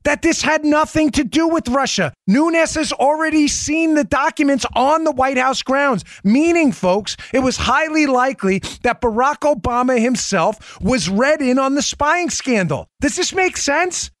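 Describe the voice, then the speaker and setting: A man's voice: very high-pitched, lively intonation, unhurried, hardly any pauses, fairly bright tone, no room sound, studio quality. A man hosting a political commentary podcast, speaking emphatically, firing off rhetorical questions and turning to his co-host by name.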